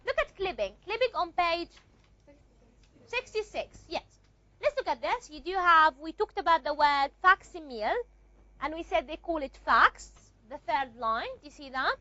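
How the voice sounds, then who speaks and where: High-voiced woman teaching a lecture. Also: animated, moderate pace, sharp tone, dry recording, muffled recording. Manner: repeats and asks rhetorical checks, with frequent fillers. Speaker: linguistics teacher. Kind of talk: recorded classroom lecture.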